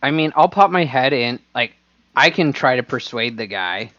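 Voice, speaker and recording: A man's voice: mid-range voice, expressive, normal speed, pushed and bright, no room sound. A man playing a tabletop game over voice chat, easygoing and a bit hesitant. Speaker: player. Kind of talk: casual chat. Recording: dull lo-fi voice chat.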